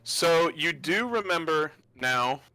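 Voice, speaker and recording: A man running a tabletop game on a livestream, narrating casually and haltingly, with frequent restarts. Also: a little high, animated, bright, forceful tone. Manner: distracted, halting, with many restarts. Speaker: game master.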